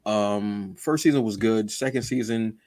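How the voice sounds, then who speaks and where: A man's voice: on the low side, measured pace, darkish tone, no echo. A man co-hosting a podcast, chatting casually and animatedly, acting out quoted lines with self-deprecating asides. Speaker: podcast co-host.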